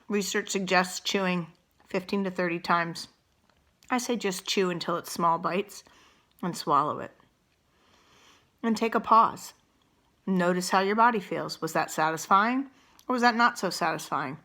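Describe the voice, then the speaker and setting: Middle-aged female wellness coach, bright tone, gentle unhurried guidance, talks while chewing. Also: fairly low pitch. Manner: eats and chews while talking. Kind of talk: guided mindful eating demonstration.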